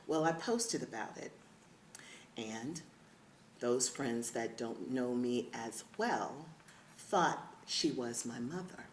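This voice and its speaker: Low-voiced woman giving an acceptance speech. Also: slow pace, slight background noise. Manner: warm, emotional, laughing asides. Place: large event hall. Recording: echoey hall with faint ambience.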